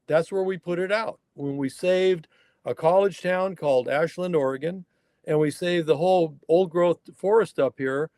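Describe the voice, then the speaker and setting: A man's voice: fairly high pitch, normal speed, darkish tone, no room sound. A man, a wild horse researcher from the northern California mountains, telling a story as a guest on a remote interview and acting out the people he quotes.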